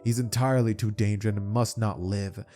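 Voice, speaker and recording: A man voicing an arrogant, ruthless male hero in a fan-made anime story, speaking coldly and slowly. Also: on the low side, steady tone, warm tone, lightly acted. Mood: sneering. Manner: cold, slow, sneering.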